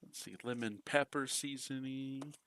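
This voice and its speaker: An American man streams a game and chats casually, joking, laughing often and answering chat out loud. His voice is mid-range with a fairly bright tone, a little slow, and the recording is dry.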